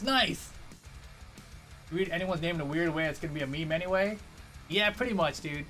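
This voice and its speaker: A man commentating a fighting game tournament on a live stream, talking fast in a rambling, jokey way and chatting to viewers. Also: a little high, pushed and bright, soft background music. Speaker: esports commentator.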